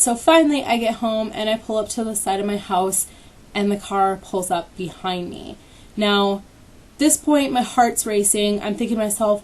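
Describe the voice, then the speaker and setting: A woman's voice: mid-range voice, normal speed, darkish tone. A young woman casually retelling a personal story as a vlogger, candid and swearing freely, with lots of fillers. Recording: voice a bit distant from the mic.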